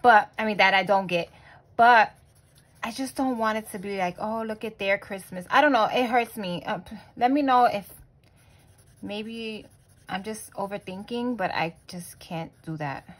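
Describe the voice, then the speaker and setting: A young adult woman and mother hosting a budgeting vlog, talking casually with lots of fillers and restarts, and quietly counting money under her breath. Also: mid-range voice, a little slow, low-quality recording. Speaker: budgeting channel host.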